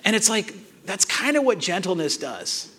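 A man preaching a sermon, telling a family story in an animated way and acting out the dialogue, with frequent restarts. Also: sits high, moderate pace, husky. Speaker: pastor.

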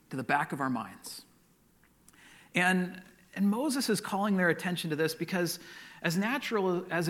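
A man's voice: sits high, fairly bright tone. A pastor preaching a sermon, telling stories and often repeating words as he goes.

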